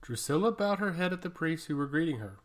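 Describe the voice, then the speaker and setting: A man narrating a fantasy story in a steady, even storytelling way. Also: fairly high pitch, fast talker. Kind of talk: scripted fantasy audiobook narration.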